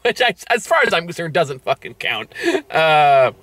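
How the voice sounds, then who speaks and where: A man's voice: on the high side, big pitch swings, normal speed, a bit bright, slight background noise. A man hosting a casual movie review chat, rambling, swearing and laughing often. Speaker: podcast host.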